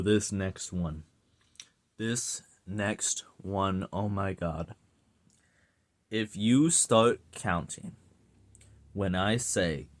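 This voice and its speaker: A young man giving a casual, profane rant to his audience, exasperated and sarcastic. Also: lowish voice. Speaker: vlogger ranting.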